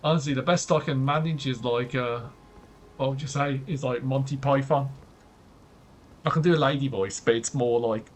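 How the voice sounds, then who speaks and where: Low-key British man streaming a game. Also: normal speed. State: scratchy throat. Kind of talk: casual live gameplay commentary.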